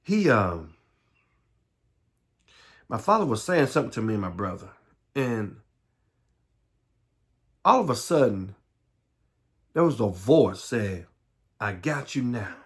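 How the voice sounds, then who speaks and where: A middle-aged man with a Southern American accent, telling his life story in a halting way, with many repeats and restarts, sometimes dropping to a low murmur. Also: sing-song. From Southern United States. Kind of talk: personal life story monologue.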